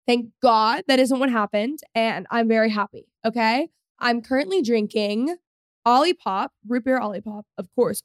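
A woman's voice: fairly high pitch, no echo, clean studio sound. Chatty young woman podcast host. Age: 20s. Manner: chatty, rambling, lots of "like" fillers. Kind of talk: casual solo podcast chat.

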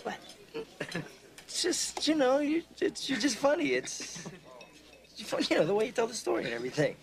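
An actor playing a laughing gangster in a film scene, talking in halting, nervous bursts. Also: male voice, very high-pitched, big pitch swings, exaggerated voice. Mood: nervous amusement. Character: easygoing male gangster, laughing at a friend's story. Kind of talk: film drama acting.

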